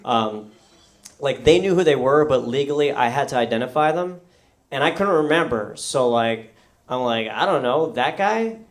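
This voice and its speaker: Speaking at a normal speed and medium pitch, a young man from the New York area delivers a stand-up story in a comedy club. His delivery stays deadpan except when he animates the voices of the people in the tale.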